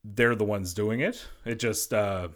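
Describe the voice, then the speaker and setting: Rambling, lower-pitched man hosting a sports podcast. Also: a little slow. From Boston area. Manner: rambling, heavy on "you know" fillers. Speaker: podcast host; former hockey goalie. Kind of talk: casual solo sports podcast.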